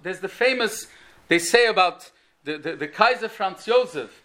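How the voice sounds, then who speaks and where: A man's voice: high voice, expressive, moderate pace, sharp tone. A man with an Orthodox Jewish English accent giving a Torah lecture, telling a story and rising to emphatic peaks. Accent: Orthodox Jewish English with Yiddish and Hebrew words. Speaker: rabbi giving a talk.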